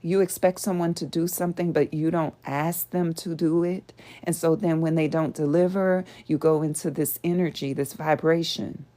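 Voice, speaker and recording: A woman's voice: sits low, fairly even intonation, moderate pace, hardly any pauses, mellow. A woman hosting a show, teaching spiritual principles to a live audience in an earnest, conversational way and often asking them rhetorical questions.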